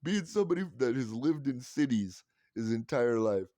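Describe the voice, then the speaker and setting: A man's voice: medium pitch, lively intonation, moderate pace, warm tone, no echo, studio quality. A man in his forties telling rambling, wry stories in a casual monologue, with frequent swearing. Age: 40s. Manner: rambling, profane, wry self-mocking. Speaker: vlogger.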